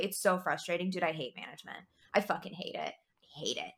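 A woman's voice: a little high, fairly quick, sharp tone. A woman who is a new manager, talking bluntly in casual chat and swearing freely.

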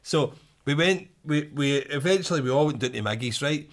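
A man's voice: a little high, normal speed. A Scottish man telling a rambling story in casual chat, swearing freely and laughing often.

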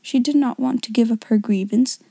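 A woman reading a classic novel aloud as an audiobook narrator, in an even, measured manner. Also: fairly high pitch, vocal fry, slightly rough, no echo. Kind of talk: scripted narration.

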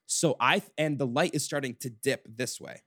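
Young male podcast host, mid-range voice, dry close sound, animated storyteller who swears freely. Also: medium pitch, normal speed, dry recording. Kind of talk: casual chat.

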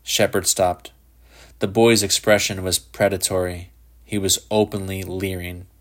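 A man narrating a literary short story in a measured, even way. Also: low voice. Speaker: audiobook narrator.

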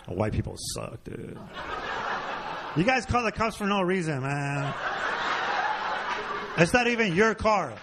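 A man with a slightly high voice delivers a stand-up set in blunt, profane punchlines. He is from a Mexican-American background and works a comedy club stage. The live recording carries clear room and audience noise around him.

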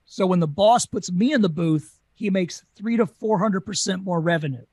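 A Southern US man tells carnival stories in a quick, animated interview voice. His pitch sits high for a man. The sound is dry and close. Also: slightly rough, no echo. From Southern United States. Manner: fast, animated talker. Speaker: guest, former carnival talker. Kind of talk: casual storytelling interview.

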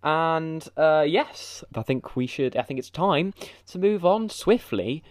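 A man's voice: a little high, lively intonation, slow pace. A man co-hosting a podcast, rambling and hesitant with many fillers, in casual comedy banter. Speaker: podcast co-host.

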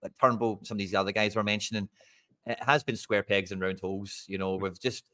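A Scottish man co-hosting a football podcast, chatting quickly with a dry, close sound. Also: fairly low pitch, fairly even intonation, bright, forceful tone, no echo. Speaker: podcast co-host. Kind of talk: casual football chat.

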